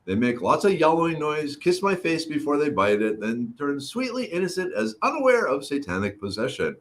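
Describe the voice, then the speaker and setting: A middle-aged livestream host with a slightly high, very animated voice speaks at normal speed, with a bit of background noise. He reads comments casually and welcomes viewers by name as his throat recovers.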